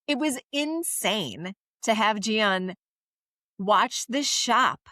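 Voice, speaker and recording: Female podcast co-host, emphatic storyteller, mid pitch, dry close mic. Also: animated, drawn-out words, sharp tone, no room sound. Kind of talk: casual podcast chat about TV dramas.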